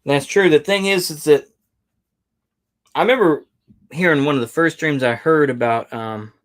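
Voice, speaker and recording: A man's voice: on the high side, normal speed. A man hosting his own channel who rants in a loose, rambling way, circling back with "you know, once again" and trailing off with sighs. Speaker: online host. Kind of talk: casual rant.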